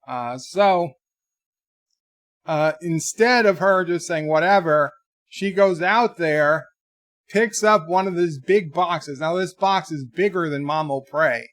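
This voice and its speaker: A man's voice: fairly high pitch, takes it slowly, fairly bright tone, no room sound. Rambling man. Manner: rambling storyteller, many restarts. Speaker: streamer reading live chat. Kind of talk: casual live-stream chat. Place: home.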